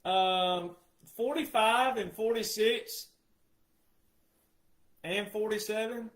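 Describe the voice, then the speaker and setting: A man hosts his own opinion show, scornful and mocking as he talks. His voice sits high for a man and moves between muttered asides and loud outbursts. The room around him is echoey. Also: slow pace. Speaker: political commentator host. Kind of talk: opinionated casual monologue.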